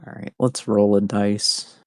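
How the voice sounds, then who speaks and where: A player hesitates and stalls, speaking slowly with many fillers at a tabletop game. The sound is dry and close. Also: sits low, level tone, no room sound. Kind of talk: casual tabletop game chat.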